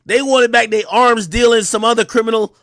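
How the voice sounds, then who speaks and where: A man hosting an unscripted livestream, talking in an animated, profane way and mocking people with quick impressions. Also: extremely high pitch, no echo, studio quality. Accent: New York. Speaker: livestream host.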